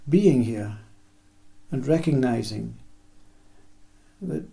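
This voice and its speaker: Gravelly, mellow man giving a spiritual talk. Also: medium pitch, expressive. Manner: slow, list-like phrasing that acts out little dialogues. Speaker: spiritual teacher.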